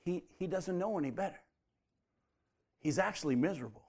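A man preaching a sermon to his congregation, swinging from loud emphatic peaks down to hushed near-whispers. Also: high-pitched, expressive, brisk. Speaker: pastor.

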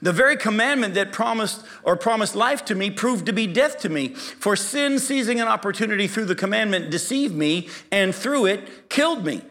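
A man's voice: sits high, normal speed, hardly any pauses. A man teaching an interactive Bible lesson, quizzing his class and acting out the people he quotes. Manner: lively, quizzes the class and acts out quoted speech.

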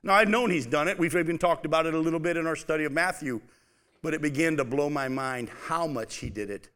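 Animated man preaching a Bible study. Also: a little high, fast talker. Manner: animated, conversational, reads scripture aloud with emphasis. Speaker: pastor. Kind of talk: expository sermon with scripture reading.

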